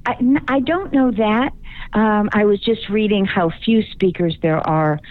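A woman's voice: mid-range voice, measured pace. A woman from Chicago, a guest speaking coach in a radio interview, giving confident, emphatic advice. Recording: phone-line call.

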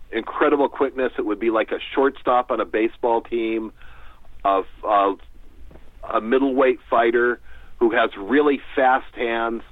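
A man's voice: medium pitch, dry recording. A man, an author, telling stories in a radio interview, enthusiastic and rambling, repeating words as he searches for them. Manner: enthusiastic, digressive, repeats words while thinking. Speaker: author guest. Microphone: telephone. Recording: tinny phone line.

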